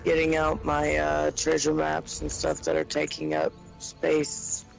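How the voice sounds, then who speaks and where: Slow gravelly man, terse gamer. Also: a little high, monotone, faint music behind, rough recording. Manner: terse, slow, offhand, swears. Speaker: gaming friend. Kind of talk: casual chat while gaming.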